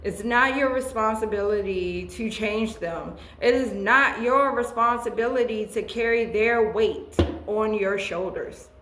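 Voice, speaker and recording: A woman's voice: mid-range voice, measured pace, few pauses, a bit bright, reverberant, slight background noise, poor audio. A woman giving a tarot reading and chatting about her own life, earnest and emotional, often restarting her sentences. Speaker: tarot reader. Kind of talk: tarot reading with personal chat.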